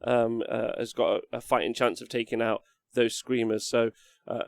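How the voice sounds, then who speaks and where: A man's voice: medium pitch, fairly even intonation, normal speed, creaky, no echo, clean studio sound. A man commentating a live tabletop wargame match in a casual, chatty way with plenty of fillers.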